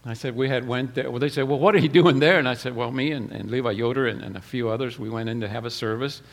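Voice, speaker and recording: A man preaching a sermon, telling personal stories in a plain way, often repeating words and clearing his throat. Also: medium pitch, fast.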